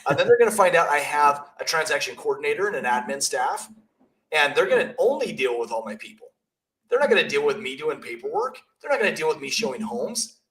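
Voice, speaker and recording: A man talks business on a podcast in a blunt, emphatic way. His voice sits slightly high for a man. He coaches agents with punchy stories. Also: sing-song, fairly quick, fairly bright tone, rough recording. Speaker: realtor and coach. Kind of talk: casual business podcast chat.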